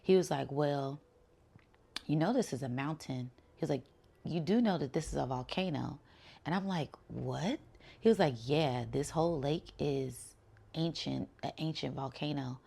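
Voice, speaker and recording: A young woman telling a relaxed, chatty spiritual story, full of "um" and "like". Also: deep voice, moderate pace, gravelly, husky. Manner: relaxed and chatty, many fillers like "um" and "like". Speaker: spiritual channel host.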